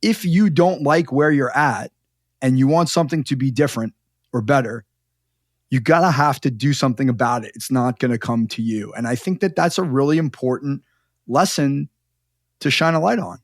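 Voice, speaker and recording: A man's voice: mid-range voice, normal speed, no echo. Motivational male podcast host, dry sound. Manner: affirming, reflective, motivational. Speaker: podcast host, mental performance coach. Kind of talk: interview conversation.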